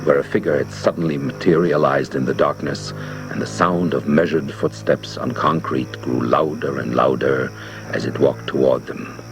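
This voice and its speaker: Deep gravelly male audiobook narrator. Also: moderate pace, background noise. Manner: theatrical, expressive.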